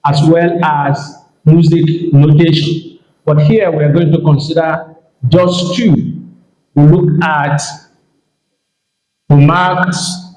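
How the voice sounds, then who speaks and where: A man teaching a Hebrew lesson, who speaks deliberately, pauses between phrases and repeats key terms. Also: on the high side, darkish tone, roomy sound, low-quality recording. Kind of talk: slow classroom lecture.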